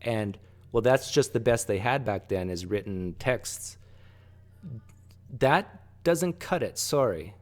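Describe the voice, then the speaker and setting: A man hosting a casual discussion, animated and halting, often restarting sentences. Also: medium pitch. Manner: animated, rises sharply when pressing a point; halting, frequent restarts and fillers. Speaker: host.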